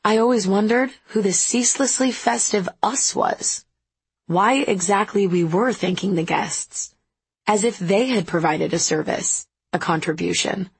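A woman reads first-person literary narration at an unhurried, introspective pace. Her voice is husky and gravelly with steady mid pitch. The recording is close and dry. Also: no room sound. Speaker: audiobook narrator.

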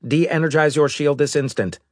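A man's voice: fairly high pitch, moderate pace, no room sound, clean studio sound, voice pushed up, close to an everyday voice. A man voicing a rigid alien robot that speaks in a stiff, formal, insistent way. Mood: demanding.

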